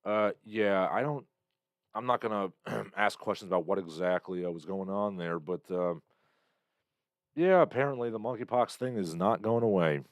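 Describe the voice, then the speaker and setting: A man with a very low voice rambles through his own livestream, blunt and full of fillers, reacting to chat comments as they come in. He sounds like he is in his thirties. The sound is close and dry, with no room around it. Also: normal speed, dry recording. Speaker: livestream host.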